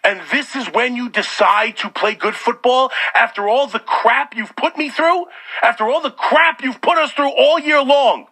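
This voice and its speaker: A man hosting sports talk radio, ranting in a loud, sarcastic, exasperated way. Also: extremely high pitch, normal speed. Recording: radio broadcast.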